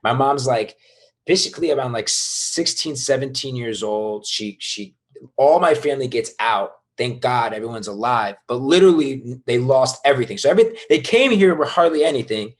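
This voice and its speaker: A man's voice: mid-range voice, expressive, moderate pace. A man in his thirties, a guest entrepreneur, telling his life story in a casual interview with emphatic, casual delivery.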